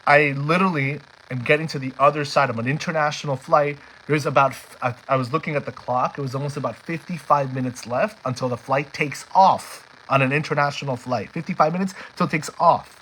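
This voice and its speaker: Man, mid-pitched voice, earnest storytelling, repeats words, faint noise behind. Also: a bit bright, rough recording. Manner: earnest, repeats words and phrases when stirred. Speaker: storyteller sharing a personal journey. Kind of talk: emotional personal storytelling.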